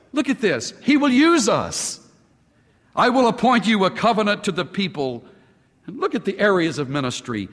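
A man preaching a sermon with impassioned, emphatic repetition and long pauses on key words. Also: a little high, fairly bright tone. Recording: long hall reverb.

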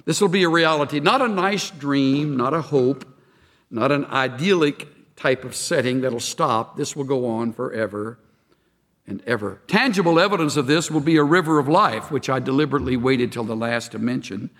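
A man delivers a sermon at a middle pitch, his words carrying a long reverb through a large hall. He preaches in a measured way, lifting his voice for emphasis and slowing down on key phrases. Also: a bit bright. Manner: measured preaching with rising emphasis and slow pauses. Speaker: pastor.

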